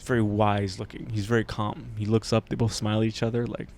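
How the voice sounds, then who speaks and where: A man's voice: on the low side, level tone, fast, gravelly, darkish tone. A man on a podcast, casually retelling a show's plot in a rambling way, acting out the characters' lines and laughing often. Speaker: podcast co-host.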